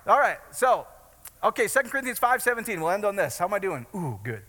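High bright preacher guy, chatty and joking, long echo from a big hall. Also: very animated, fast talker. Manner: conversational preaching with jokes and rising shouts. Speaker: pastor. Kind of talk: sermon.

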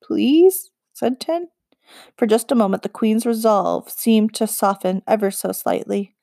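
A woman narrating an audiobook in a steady, measured storytelling voice on a close studio mic. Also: medium pitch, no echo.

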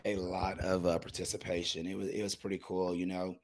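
A man chatting as a guest, easygoing and quick to laugh. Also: low-pitched, little pitch movement. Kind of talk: casual chat.

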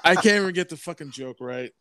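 A man co-hosts a podcast in relaxed, casual chat, laughing often and cursing at his own slips. His voice is smooth and clear. It sounds dry and close to the mic. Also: on the high side, fast talker, dry recording. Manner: laughs often, swears at himself. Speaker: podcast co-host.

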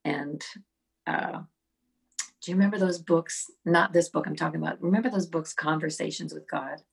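A middle-aged woman with a low, gravelly voice and a husky, breathy edge. She tells animated stories as a podcast guest, often restarting her sentences. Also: moderate pace. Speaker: songwriter guest. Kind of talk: casual podcast conversation.

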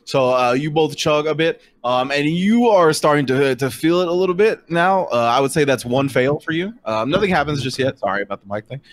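A man's voice: fairly high pitch, expressive, fairly quick, hardly any pauses. A man narrating as game master in a casual, filler-heavy way.

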